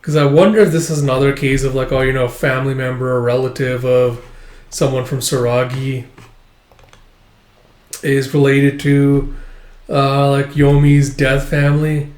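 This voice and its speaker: A man's voice: medium pitch, little pitch movement, normal speed, darkish tone. A man casually reading a manga chapter aloud and giving his thoughts, chuckling now and then. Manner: reads panels aloud, voices characters, chuckles often. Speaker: manga reaction reader. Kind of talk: casual read-along commentary. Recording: echoey room.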